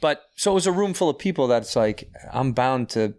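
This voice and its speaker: Animated smooth-voiced man telling a story. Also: medium pitch, fairly quick. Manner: animated, acts out quoted voices, swears casually. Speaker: podcast guest. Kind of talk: casual storytelling.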